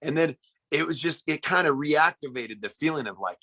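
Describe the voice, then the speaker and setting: A man's voice: on the high side, lively intonation, normal speed, sharp tone, breathy edge. A man talking about making a film in a casual interview, earnest and reflective, often restarting his sentences. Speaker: actor in the film.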